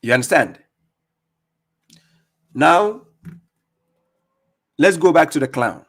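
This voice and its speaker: A man giving scolding religious commentary on a live stream, mocking opponents and reading verses slowly. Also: fairly high pitch, lively intonation, a bit bright, slightly rough. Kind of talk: preaching commentary on played clips.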